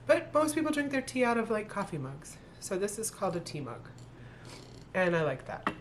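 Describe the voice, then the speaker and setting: Chatty woman vlogger, low voice. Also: slight background noise. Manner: chatty, thinking aloud, self-correcting. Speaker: thrift reseller vlogger. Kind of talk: casual haul video talk.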